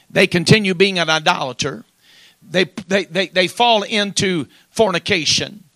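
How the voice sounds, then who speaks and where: A man preaching a fiery sermon, climbing to loud high-pitched shouts and sinking to hushed, quiet passages. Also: no room sound. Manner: rises to loud high-pitched shouting on scripture, drops to quiet near-whispers.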